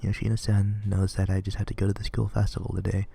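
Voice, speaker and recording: A man reads a visual novel aloud, earnest and plain, stumbling now and then. His voice is very low, dark and creaky. Faint music plays underneath. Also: completely flat delivery, fast. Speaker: reader playing a visual novel.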